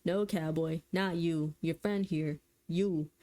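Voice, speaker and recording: Lady doing a creepy old guy w a slow southern drawl, kinda low and wheedling. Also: steady tone, warm tone. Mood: leering. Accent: Southern US drawl, put on. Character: thin creepy elderly man, sleazy and coaxing.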